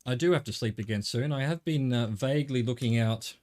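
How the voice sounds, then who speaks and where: A man's voice: mid-range voice, a little fast, a little mellow. A middle-aged man with an Australian accent, chatting casually and wryly to his viewers while he plays a game. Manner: rambling, wry, jokey asides to chat. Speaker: game streamer. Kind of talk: casual live-stream chatter while gaming.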